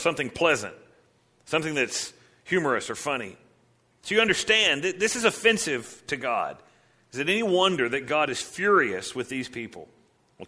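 A male pastor preaching a sermon with an animated style, asking rhetorical questions and acting out the voices in the stories he tells. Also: mid-range voice.

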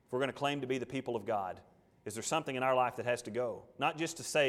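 A man preaching a sermon with passion, firing off rhetorical questions and swinging between loud and hushed. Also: medium pitch, quick pace, long reverb tail.

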